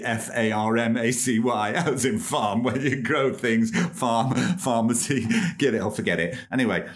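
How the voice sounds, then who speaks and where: Jokey British podcast host. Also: male voice, mid-range voice. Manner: jokey, reads an article aloud with puns and asides. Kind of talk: comedic podcast monologue.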